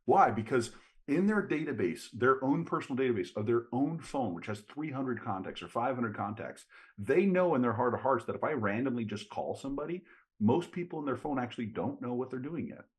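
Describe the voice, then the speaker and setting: A man's voice: mid-range voice, fairly quick. A man, a sales trainer telling stories as a guest in an interview. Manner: lively storyteller, quotes people in dialogue. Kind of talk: animated storytelling in an interview.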